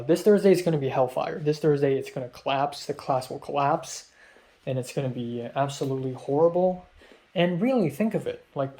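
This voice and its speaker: A man's voice: a little high, dark tone. A young man who is a film student, talking in a rambling, filler-heavy vlog monologue and sounding stressed.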